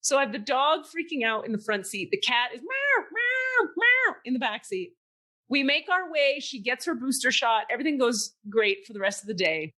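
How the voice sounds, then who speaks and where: With a slightly high voice and a brisk pace, a woman hosting a podcast spins a long story in casual conversation. She's animated and profane, and she performs the voices of the people she quotes.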